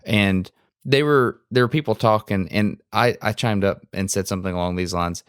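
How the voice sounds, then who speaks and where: A man's voice: on the low side, moderate pace, clear, resonant tone, no echo, studio quality. A man with a Southern US accent co-hosting a podcast, talking in an earnest, self-deprecating way and laughing easily. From Alabama, US. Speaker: podcast co-host. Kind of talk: casual conversation.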